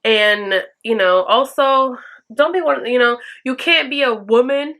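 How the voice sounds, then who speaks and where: Blunt, bright-voiced woman vlogger. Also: on the high side, a little slow. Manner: blunt, profane, emphatic; acts out quoted lines in a raised voice. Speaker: vlogger answering viewer questions. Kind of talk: casual advice chat to camera.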